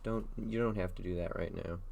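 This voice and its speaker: A man's voice: sits low, fairly even intonation, a little fast, gravelly, darkish tone. A young man from Texas, a streamer chatting casually and asking joking interview questions while he plays a game. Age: young adult. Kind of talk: casual chat while gaming.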